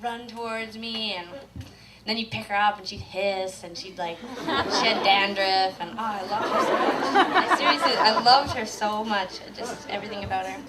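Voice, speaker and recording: A woman's voice: mid-range voice, moderate pace, far from the mic, over a noisy crowd, heavy background noise. Rambling woman telling stories in a roomy space. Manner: rambling, playful storytelling with acted-out quotes. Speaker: musician. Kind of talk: casual chat and stage banter.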